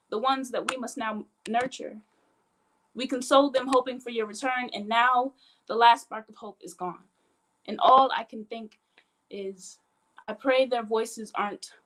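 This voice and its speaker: A woman's voice: a little high, a bit bright, poor audio. Woman reading spoken word poetry. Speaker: poet. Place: home, online video call.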